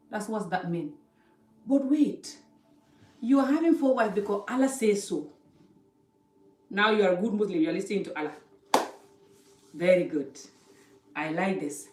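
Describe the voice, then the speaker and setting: A woman's voice: mid-range voice, animated, moderate pace, pauses often, darkish tone. A woman vlogger lecturing the viewer directly, emphatic and scolding. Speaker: vlogger giving advice. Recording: roomy, distant from mic.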